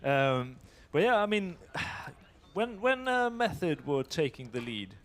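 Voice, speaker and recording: A man giving live esports color commentary, talking in a hesitant way with many pauses and restarts. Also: a little high, very animated, a bit bright.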